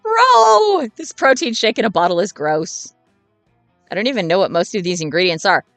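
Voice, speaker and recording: A woman's voice: medium pitch, sing-song, normal speed, a bit bright, no echo, faint music behind. A woman voicing a dim, sweet jock monster boy who talks in an earnest, rambling, bro-ish way, in a dry recording. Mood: goofy.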